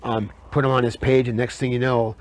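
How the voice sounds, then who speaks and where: A man guest in a casual interview at a kava bar. He talks in halting bursts and often repeats words while he searches for phrasing. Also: mid-range voice, level tone. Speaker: guest, herbal medicine maker.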